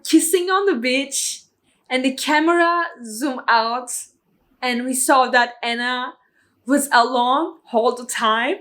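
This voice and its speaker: A woman with a rather high voice talks through a film in a casual vlog review. She is chatty and openly emotional, and she keeps looping back with "you know" and "like" as she goes. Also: a bit bright. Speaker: movie reviewer.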